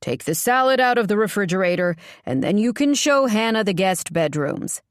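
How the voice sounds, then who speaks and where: A woman's voice: medium pitch, big pitch swings, moderate pace, no echo, studio quality, pitched above the performer's own voice, close to an everyday voice. A woman doing a smug, taunting older father. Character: domineering, taunting adoptive father, older man.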